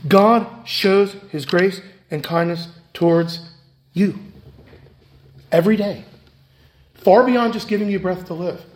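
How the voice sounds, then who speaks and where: A man preaching a sermon as pastor, emphatic and repetitive, swinging between loud stresses and hushed asides. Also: sits high. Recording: echoey room.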